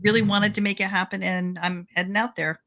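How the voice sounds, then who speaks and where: A woman's voice: mid-range voice, fairly even intonation, a little fast, creaky, a bit bright. A woman guest, an author, talking enthusiastically in a casual interview and laughing easily. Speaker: guest, author and children's camp founder.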